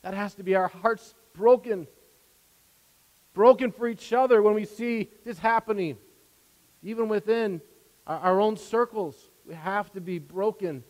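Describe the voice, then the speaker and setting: A man preaching a sermon as a pastor, earnest, repeating words as his volume swings from soft to loud. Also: sits high, big-room sound, poor audio.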